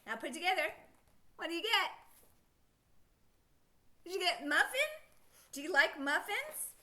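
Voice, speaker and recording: Middle-aged woman teacher, high and animated, coaxing a child through phonics with encouraging questions. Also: unhurried.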